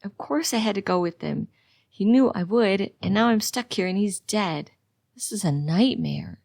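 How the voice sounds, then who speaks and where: A woman's voice: medium pitch, big pitch swings, normal speed, a little mellow, no room sound. A woman narrating a psychological thriller audiobook in the first person, in a tense, anxious way.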